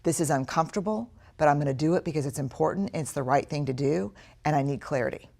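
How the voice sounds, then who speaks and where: A woman with a low, grounded voice speaks to an audience, telling candid stories from her working life. She talks frankly and brings them to life by acting out her own inner voice. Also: quick pace, creaky, a little mellow. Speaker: speaker on courage and leadership. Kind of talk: storytelling talk to an audience.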